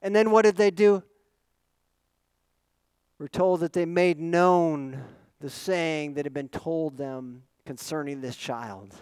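High-voiced pastor preaching with big swings. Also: male voice, takes it slowly, clear, resonant tone, no echo, poor audio. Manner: dynamic preaching with rhetorical questions, swinging from loud emphasis to quiet asides. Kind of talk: sermon.

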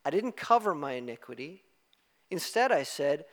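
Male preacher, bright tense tone, emphatic delivery, reverberant church room. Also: a little high, very animated, normal speed, vocal fry. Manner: emphatic, rising to loud exclamations. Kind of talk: sermon. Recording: long hall reverb.

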